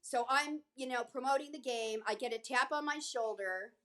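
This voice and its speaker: Animated woman telling stories. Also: high voice, moderate pace. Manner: animated, acts out quotes from others. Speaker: guest actress. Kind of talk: casual storytelling.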